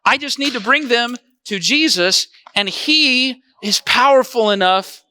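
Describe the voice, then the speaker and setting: A man's voice: extremely high pitch, expressive, unhurried, bright, forceful tone, no room sound. Male pastor, sermon, talks straight to the congregation, dry close sound. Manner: conversational, asks the congregation questions.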